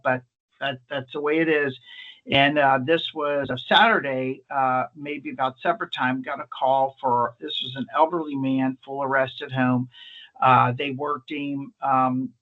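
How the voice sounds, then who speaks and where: Man telling a story in a muffled recording. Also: on the high side. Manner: lively, restarts often, acts out quotes. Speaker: emergency nurse presenter. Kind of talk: storytelling anecdote in a presentation. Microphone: video call or meeting mic. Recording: slightly muffled meeting recording.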